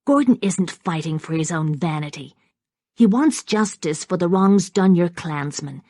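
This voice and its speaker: A woman voicing a resolute young gentlewoman. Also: fairly low pitch, expressive, unhurried, no echo, studio quality. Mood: earnest. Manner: earnest, forceful.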